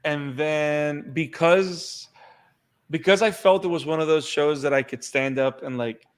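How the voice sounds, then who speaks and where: A man's voice: on the high side, measured pace, clear, resonant tone. A man co-hosting an anime podcast, chatting casually and animatedly, often repeating words as he gets going. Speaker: podcast co-host. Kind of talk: casual chat.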